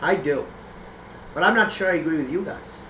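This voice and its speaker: A man hosting a casual sports podcast, animated and quick to laugh. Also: on the high side, reverberant, background noise. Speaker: podcast host.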